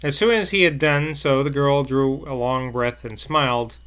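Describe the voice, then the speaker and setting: A man reading a novel aloud at a measured pace, with occasional slips and asides. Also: mid-range voice, fairly bright tone, clean tone. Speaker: narrator.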